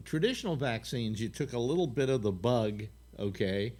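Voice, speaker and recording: An older man in his eighties talks over a video call with a lively, swooping pitch that rises and falls a lot. He rambles and restarts often while explaining things at length, in the manner of a chatty host. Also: moderate pace. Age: 80s. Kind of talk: casual video call chat.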